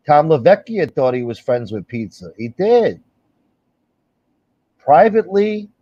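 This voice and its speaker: A man's voice: medium pitch, breathy edge, no echo, dull audio. A male livestream host in a casual, profane rant, blunt and sarcastic, swearing often.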